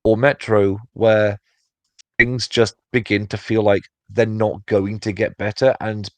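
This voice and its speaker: A man's voice: lowish voice, level tone, unhurried, dry recording. A man co-hosting a casual podcast chat, rambling with many fillers and restarts. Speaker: podcast co-host.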